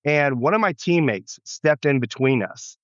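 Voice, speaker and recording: A man's voice: on the high side, animated, unhurried, no room sound. A man from the United States, a pastor, telling his story in an interview in an earnest, reflective way with frequent restarts. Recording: dull muffled lo-fi sound.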